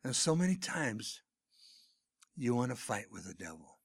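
A middle-aged pastor preaching a sermon, swinging between loud emphatic lines and hushed near-whispers. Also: male voice, medium pitch, big pitch swings, unhurried, creaky, slightly rough.

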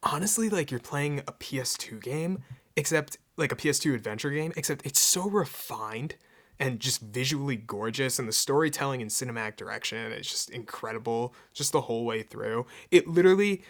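Male podcast co-host, middle pitch, eager and gushing. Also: expressive, a little fast. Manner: enthusiastic, gushing. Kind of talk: casual podcast chat.

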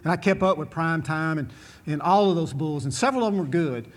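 A man's voice: a little high, a little fast. A man, a former bull rider telling a long folksy story to an audience, drawling and chuckling as he goes. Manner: drawling, chuckling, repetitive restarts.

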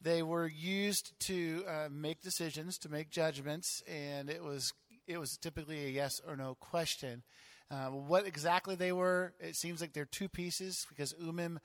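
A male pastor explaining a Bible passage in a relaxed, conversational teaching style with frequent fillers. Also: fairly high pitch, a little slow, no room sound.

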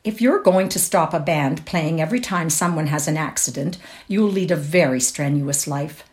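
A dismissive young sister answers in a cool, dry tone, read by a woman performing a story. The voice stays low and unhurried. There is little warmth in it. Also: lightly acted.

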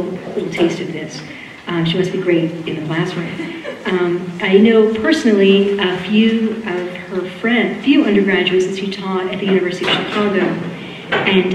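Boston-accented woman host, rambling intro full of "um"s, distant mic in a reverberant hall. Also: lowish voice. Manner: warm rambling with fillers and laughs. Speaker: school event host introducing speakers. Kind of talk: live lecture introduction. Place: lecture hall. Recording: echoey hall, distant mic, faint room noise.

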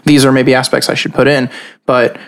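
A man hosting a tabletop game podcast, chatting casually in a rambling, animated way and laughing often. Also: medium pitch, brisk, vocal fry. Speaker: podcast host and dungeon master.

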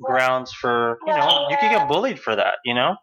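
A man's voice: mid-range voice, wildly swooping pitch, moderate pace, muffled recording, loud music behind the voice. A middle-aged man hosting a casual chat about parenting, rambling with many fillers and restarts. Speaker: podcast host.

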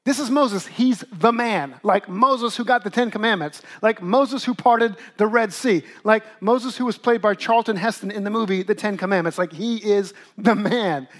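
A man with a high, light voice preaches to his congregation. He talks in a lively, conversational way and slips into quick acted asides. He sounds middle-aged and speaks as their pastor. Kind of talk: sermon.

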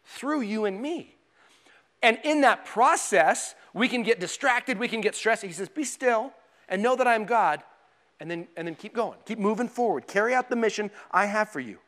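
A man with a notably high voice preaches a sermon in a relaxed, conversational way. He pokes fun at himself and acts out quick inner voices, some panicked and some calm. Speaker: pastor.

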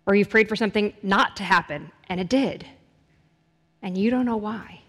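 A woman's voice: mid-range voice, moderate pace, fairly bright tone. A woman preaching a sermon in an earnest way, building intensity through repeated phrases. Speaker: pastor. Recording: long hall reverb.

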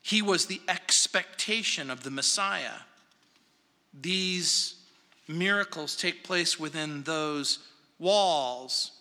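Male pastor, high and piercing, slow deliberate preaching, dramatic loud-to-hushed swings, long church reverb. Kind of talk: verse-by-verse sermon. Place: large church sanctuary.

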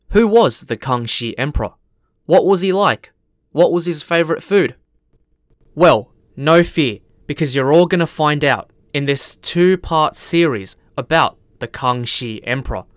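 Man, history podcast host, friendly and clear, smooth and dry sound. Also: mid-range voice, a bit bright, dry recording. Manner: friendly, spells out names.

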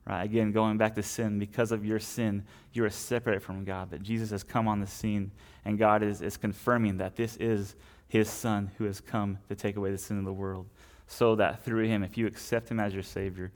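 Low-voiced man preaching with "right?" tags. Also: little pitch movement, moderate pace. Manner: conversational, frequent "right?" tags and restarts. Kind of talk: sermon.

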